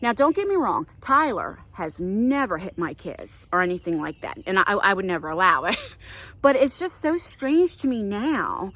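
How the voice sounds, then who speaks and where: A woman's voice: mid-range voice, big pitch swings, normal speed, fairly bright tone, no echo. A woman in her forties telling a story in a chatty walk-and-talk vlog outdoors on a nature trail, filming herself on a handheld phone. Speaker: vlogger.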